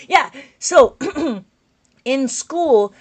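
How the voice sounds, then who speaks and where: Her high-pitched voice carries loud, passionate energy as she runs an abacus lesson over a live stream. Between teaching, the enthusiastic woman reads viewers' comments aloud.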